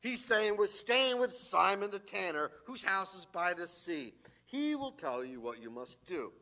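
A man delivers a sermon in a high, bright voice with a forceful edge. He reads scripture passages, then breaks off for wry, joking asides. He grows louder and more emphatic as he presses his points. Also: very animated, measured pace. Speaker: pastor.

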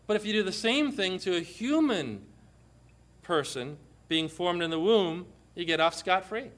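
A man preaching an impassioned sermon, moving from quiet storytelling to loud, forceful proclamation. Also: high voice, animated, measured pace.

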